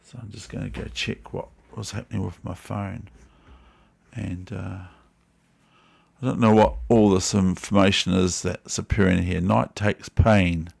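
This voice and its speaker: A man with a New Zealand accent and a heavily gravelly, fry-laden voice sitting a little low in pitch. He streams chess puzzles live, mutters candidate moves to himself and drifts into casual remarks to his chat. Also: fairly even intonation, moderate pace, darkish tone. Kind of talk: live-stream commentary while solving puzzles.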